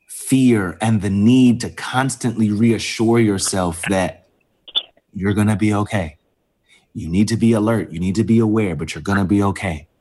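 A man being interviewed, telling a personal story with many pauses and fillers as he fights back tears. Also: fairly low pitch, a little mellow, slightly rough. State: emotional, close to tears. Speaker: interview guest.

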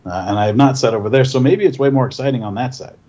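A man's voice: medium pitch, fast talker, mellow, highs cut off. A man, a comic creator guest, telling laid-back joking anecdotes in casual chat.

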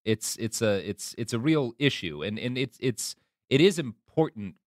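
A man co-hosting a casual podcast chat, measured and explanatory, repeating words as he thinks. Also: medium pitch, animated, no echo, studio quality. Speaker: podcast co-host.

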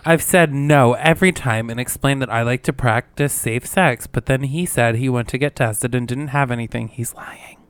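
A man's voice: mid-range voice, moderate pace, hardly any pauses, smooth, no room sound. A man co-hosting a podcast, teasing and giggly, reading out a listener's letter in a casual way. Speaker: podcast co-host.

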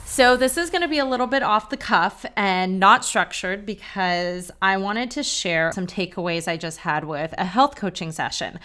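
A woman's voice: mid-range voice, sharp tone, clear, resonant tone. A woman in her thirties hosting a podcast, talking off the cuff in a candid, chatty way full of "like". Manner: candid, quick and chatty with many "like"s. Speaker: podcast host. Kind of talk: unscripted solo podcast talk.

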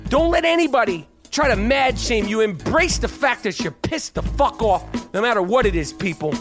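A man hosting a podcast, talking sports in a profane, rambling, excitable way. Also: extremely high pitch, normal speed, faint music behind. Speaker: podcast host. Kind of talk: casual sports chat.

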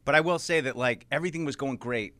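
A man talks football on a podcast at a quick clip, tumbling through restarts and fillers as his thoughts run ahead of him. His voice sits at an ordinary middle pitch. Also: bright, forceful tone, dry recording. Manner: rapid, rambling with many restarts and fillers. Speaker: podcast co-host. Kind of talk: casual sports talk.

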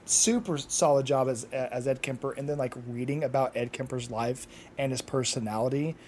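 A man's voice: medium pitch, moderate pace, a little mellow. A man co-hosting a casual podcast chat, reacting with enthusiasm. He talks loosely, packing his sentences with fillers, with a faint hiss of noise behind him. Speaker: podcast co-host.

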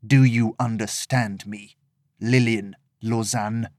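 A man voicing a cold, calm, menacing swordsman, speaking slowly and with quiet threat in a storybook reading. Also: on the low side, no echo. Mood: coldly threatening.

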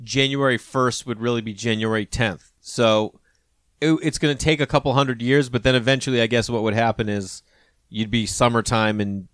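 A man's voice: medium pitch, steady tone, normal speed, fairly bright tone, clean tone, no room sound. A man in his thirties or forties, a comedian hosting a podcast, chatting casually and rambling as he acts out the people he quotes. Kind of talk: casual conversation.

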